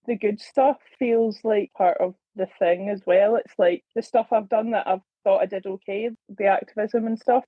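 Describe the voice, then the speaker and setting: A woman's voice: mid-range voice, no room sound, muffled recording. A woman in her forties from Scotland talking candidly on a podcast, holding back emotion and swearing. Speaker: community member. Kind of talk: casual podcast introduction.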